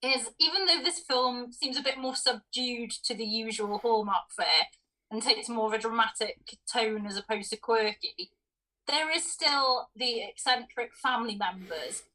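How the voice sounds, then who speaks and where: A woman's voice: fairly high pitch, normal speed, bright, forceful tone, low-quality recording. A woman, co-hosting a film podcast in casual chat, laughing often. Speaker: podcast co-host.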